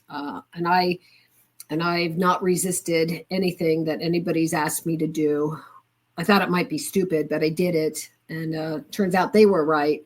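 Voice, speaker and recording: Older woman, podcast guest, slightly low voice, candid, chatty storytelling. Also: steady tone, normal speed. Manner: candid, chatty, with fillers and reported dialogue. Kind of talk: casual storytelling interview.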